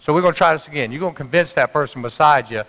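A man's voice: on the high side, rapid-fire, big-room sound, dull audio. A man preaching a sermon as pastor, telling stories in a conversational way and urging the congregation to answer back. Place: church sanctuary.

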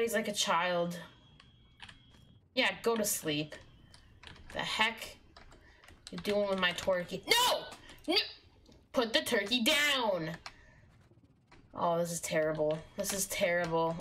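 A young woman streaming a video game, exasperated with her in-game companion, jumping between shrieks and low mutters. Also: fairly even intonation, measured pace, pauses often, fairly bright tone, slight background noise. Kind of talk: live game commentary.

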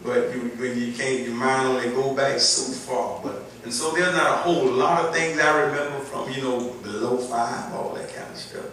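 A man's voice: medium pitch, normal speed, hardly any pauses, fairly bright tone. A male pastor with a Southern accent preaching a sermon, scattering amens and building to emphatic lines. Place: church sanctuary. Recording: echoey church, heard from far off.

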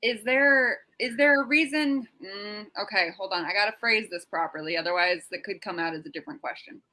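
A woman's voice: mid-range voice, fairly quick, sharp tone, poor audio. A woman co-hosting a casual chat, loose and joking, swearing freely and tripping over her words. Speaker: podcast co-host.

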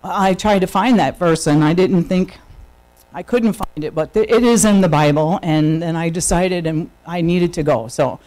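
A woman's voice: on the low side, moderate pace, dark tone, poor audio. A woman with a New York accent giving a chatty personal testimony at a church service, telling her story with lots of fillers and restarts. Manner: chatty, storytelling, full of fillers and self-corrections.

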